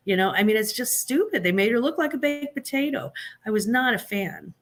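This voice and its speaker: A woman's voice: fairly high pitch, normal speed. A woman hosting a live stream, giving blunt, sarcastic opinions in casual chat, with many fillers and restarts.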